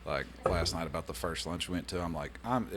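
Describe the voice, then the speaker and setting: Young man, low voice, animated swearing storyteller, faint hiss in the background. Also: fairly quick. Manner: animated, swearing, acts out quoted dialogue. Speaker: podcast guest, Navy sailor. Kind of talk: casual storytelling chat.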